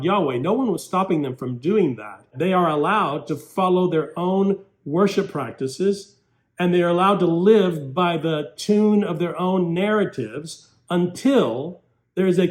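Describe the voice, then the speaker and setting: Guy giving a sermon, kinda high voice, emphatic and rhetorical. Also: a little mellow. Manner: emphatic, rhetorical, builds to raised mock-voiced quotes. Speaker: preacher.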